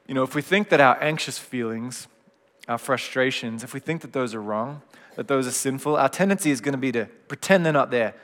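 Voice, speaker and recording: A middle-aged man preaching a gentle, reflective sermon in a conversational way. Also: medium pitch, fairly quick. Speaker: pastor. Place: church hall. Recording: long hall reverb.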